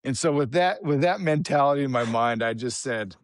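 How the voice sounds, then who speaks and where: A middle-aged man co-hosts a casual podcast and tells a family story with animated, self-deprecating humor. His voice sits at an ordinary pitch and sounds close and dry, with no room around it. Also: a little fast, no room sound. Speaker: podcast co-host.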